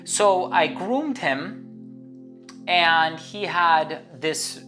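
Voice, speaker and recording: A woman's voice: deep voice, a bit bright. A woman hosting her own channel, telling a story to the camera in a chatty, rambling way, full of fillers and restarts. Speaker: channel host. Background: guitar music.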